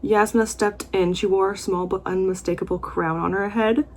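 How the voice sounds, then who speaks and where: Gushing and exclamatory, a young woman shares emotional reactions in reading vlog commentary. Her medium-pitched voice has a darkish tone and fairly even intonation at normal speed, with slight background noise.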